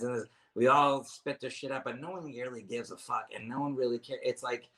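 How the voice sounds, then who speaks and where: A man's voice: medium pitch, fairly quick, a bit bright. A man, a comedian guest, telling stories in a casual chat, rambling, restarting and swearing freely. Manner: rambling, self-interrupting storyteller, swears freely.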